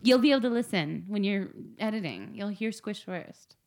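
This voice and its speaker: Woman, quizmaster on a podcast, brisk and wry, reads questions plainly. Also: mid-range voice, animated. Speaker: quiz host. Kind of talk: casual chat, reading trivia questions.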